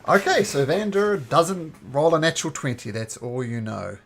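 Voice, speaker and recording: A man running a tabletop game as game master, relaxed and prone to restarts. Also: on the high side, normal speed, soft background music.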